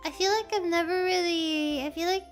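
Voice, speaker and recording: A woman's voice: very high voice, normal speed, soft background music. A woman from the Philippines, chatting casually on a stream as a VTuber. She is tired and half asleep, rambling playfully while reading chat aloud.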